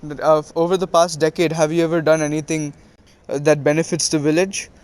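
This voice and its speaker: A man voicing a calm, cocky young male ninja with a cool, cutting, matter-of-fact delivery. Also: a little high, brisk, smooth, close to an everyday voice.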